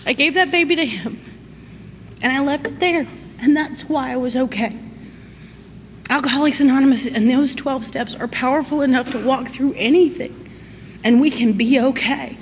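Woman, middle-aged, high voice, telling her recovery story in an echoey hall, faint hiss. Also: normal speed, long pauses. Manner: folksy, animated, laughs through her story. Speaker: recovery meeting speaker. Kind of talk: personal recovery talk.

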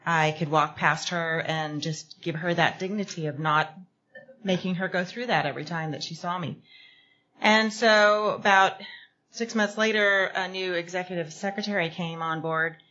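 A woman's voice: lowish voice, moderate pace, bright, forceful tone. A woman sharing a personal story at a recovery meeting, plain and reflective. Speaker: meeting participant. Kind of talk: personal share. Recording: dull lo-fi recording.

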